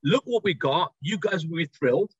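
A British-accented man with a high, slightly husky voice pitches his company with eager drive. He speaks over a video call from a trade show floor, and the audio is dry and dull. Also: expressive, no room sound. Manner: enthusiastic, rapid sales pitch. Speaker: company executive.

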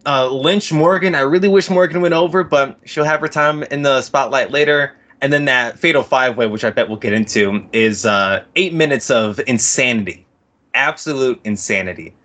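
A man's voice: mid-range voice, moderate pace, fairly bright tone. A man appearing as a podcast guest, chatting with enthusiasm. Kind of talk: casual podcast chat.

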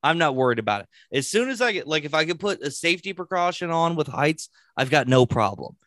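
A man's voice: a little high, lively intonation, fast talker, fairly bright tone, no echo, clean studio sound. A man chatting casually and telling a story with plenty of swearing. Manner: storytelling with profanity. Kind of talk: casual chat.

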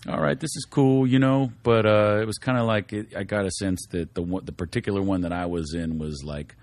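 A man with a very low voice speaks in a relaxed, rambling way, peppering his talk with swearing. The sound is dry and close, with no room around it. He tells stories casually, as a podcast guest. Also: fairly quick, no room sound. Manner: laid-back, profane, rambling storytelling. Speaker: guest rapper. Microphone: studio microphone.

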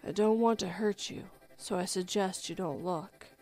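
A woman voicing a low, menacing bed spirit. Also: moderate pace, a little mellow, lightly acted. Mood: menacing calm. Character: possessive male spirit hiding under a bed.

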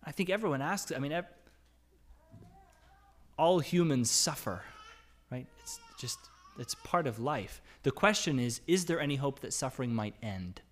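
Male pastor, conversational sermon, mid-pitched voice, reads scripture, tag questions. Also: lively intonation, normal speed, fairly bright tone. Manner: reads scripture aloud, rising to emphatic cries.

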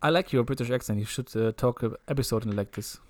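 Halting young man in casual chat. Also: medium pitch. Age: young adult. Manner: relaxed, halting with repeated words and "uh", dry jokes. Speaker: podcast co-host.

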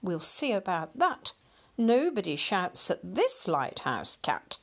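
A woman's voice: medium pitch, huge pitch swings, slow, full character voice. A woman voicing a plump, proud male ginger cat in a storybook reading, making huffy, indignant declarations.

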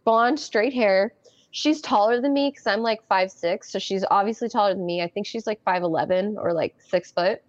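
A woman's voice: medium pitch, moderate pace, no echo, lo-fi sound. Chatty giggling woman in her thirties. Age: early 30s. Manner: chatty, giggly, many restarts and "like". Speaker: guest. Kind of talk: casual interview storytelling.

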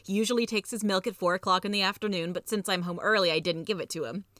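A woman's voice: medium pitch, fairly even intonation, quick pace, a bit bright, no echo, natural voice. A woman reading an exasperated pet owner. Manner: stern and exasperated. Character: exasperated adult pet owner, the reader's "you".

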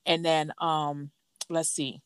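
Woman co-host, casual gossip storyteller, acts out quotes, slightly low voice, dry close mic. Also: flat delivery, takes it slowly, clear, resonant tone, no room sound.

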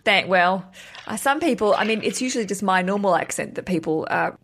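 A woman's voice: mid-range voice, expressive, brisk, fairly bright tone. A woman hosting a wedding-planning podcast, chatting playfully and laughing easily with her guest. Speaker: podcast host. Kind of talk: casual interview chat.

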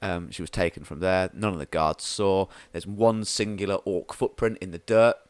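A man running a tabletop game as game master, narrating scenes with halting restarts and frequent laughter. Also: deep voice, fairly even intonation, clear, resonant tone, dry recording.

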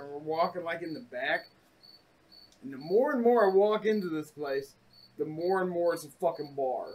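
A man co-hosts a relaxed podcast and rambles through his stories with fillers and casual swearing. His voice is high for a man. It sounds set back from the microphone, a little distant. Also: normal speed. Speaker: podcast co-host. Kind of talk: casual chat.

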